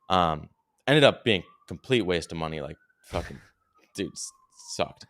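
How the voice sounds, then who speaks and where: Deep, smooth-voiced rambling young man. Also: expressive, a little slow, pauses often, fairly bright tone. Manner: rambling, swears freely, lots of "dude" and "like". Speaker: podcast co-host. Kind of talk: casual storytelling chat.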